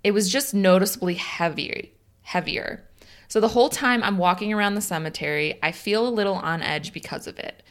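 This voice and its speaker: A woman's voice: medium pitch, fairly quick. A woman with a Chicago accent co-hosting a casual podcast, chatting and reading a listener's story aloud with easy laughs and short dry replies. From Illinois. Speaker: podcast co-host.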